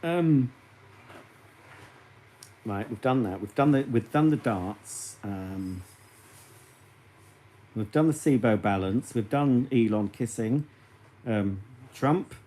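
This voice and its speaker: Casual male streamer, mellow voice, gossipy and teasing, talking straight to his viewers. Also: medium pitch, animated, takes it slowly, long pauses. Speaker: livestream host. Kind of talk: casual live-stream chat.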